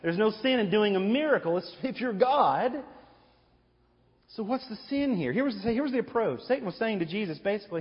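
A man's voice: high-pitched, expressive, brisk, breathy edge. A male pastor preaching a sermon, emphatic and driving home points with repeated rhetorical questions, recorded in a church sanctuary. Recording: echoey hall, dull lo-fi sound.

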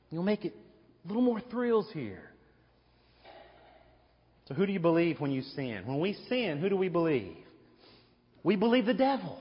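A man's voice: on the high side, very animated, normal speed, pauses often, husky. A male pastor preaching a sermon, emphatic and driving home points with repeated rhetorical questions, recorded in a church sanctuary. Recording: echoey hall, dull lo-fi sound.

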